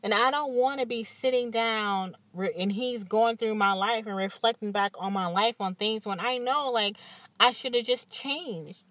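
Animated, candid woman podcast host. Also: a little high, moderate pace, dry recording. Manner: animated storytelling with acted-out quotes and frequent laughs; emphatic and candid. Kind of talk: casual monologue.

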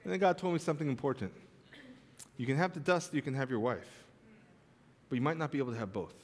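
A man preaching a sermon as pastor, telling a funny home story, then turning soft and earnest. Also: medium pitch, fast, in a large hall. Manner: storytelling with humor, swings from animated to soft and earnest. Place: church sanctuary.

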